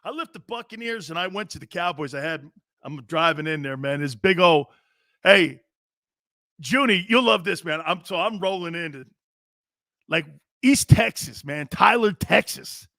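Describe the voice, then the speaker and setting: A man hosting a sports talk show in a brash, joking style, reading out chat and giving shout-outs. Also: on the high side, lively intonation, normal speed, dry recording, clean studio sound.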